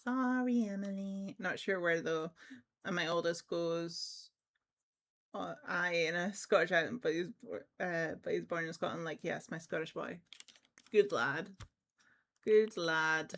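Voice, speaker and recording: A woman's voice: lowish voice, steady tone, moderate pace, a bit bright. A woman livestreaming a cozy game, chatting casually and thinking aloud with lots of ums. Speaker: livestreamer playing a life-sim game. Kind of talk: casual game-stream chat.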